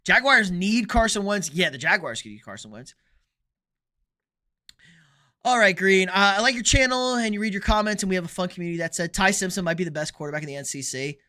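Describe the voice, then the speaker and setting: A man's voice: sits high, expressive, sharp tone. A young man from Texas with a Texan accent, hosting a casual sports livestream and bluntly answering viewer comments with jokes. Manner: blunt, joking, opinionated, quick asides.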